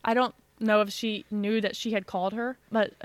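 A woman's voice: medium pitch, little pitch movement, moderate pace. A woman from a small town co-hosting a casual podcast chat, wry, swearing casually and acting out quotes in her stories.

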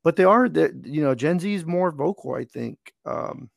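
Young man, twenties, podcast host, creaky voice, dry sound, relaxed storytelling. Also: on the high side, normal speed, dry recording. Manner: relaxed storyteller, laughs easily. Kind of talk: casual podcast chat.

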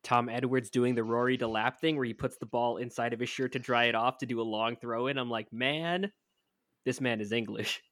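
A man co-hosting a casual sports podcast, talking haltingly with many ums and uhs. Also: medium pitch, flat delivery, fairly bright tone, dry recording. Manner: hesitant, halting with fillers.

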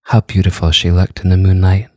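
Deep voiced guy reading an old novel, calm and steady, dry close mic. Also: a little fast, slightly rough, dry recording. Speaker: audiobook reader. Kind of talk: scripted narration of a novel.

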